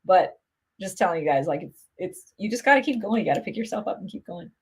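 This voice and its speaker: Her voice sits on the low side, slightly rough and expressive, and she speaks fast. She's a music promotion host on a relaxed livestream, responding to viewer comments in a bubbly, chatty way loaded with "like" and "you know."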